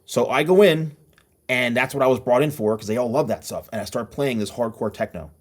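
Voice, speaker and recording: Animated middle-aged storytelling man. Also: mid-range voice, fairly quick. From New Jersey. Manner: animated storyteller who acts out voices in his anecdotes. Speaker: podcast host. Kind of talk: casual storytelling chat.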